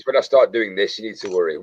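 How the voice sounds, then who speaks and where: A man's voice: on the low side, dull audio. A man in casual chat, joking with hesitant starts and mock-sinister asides.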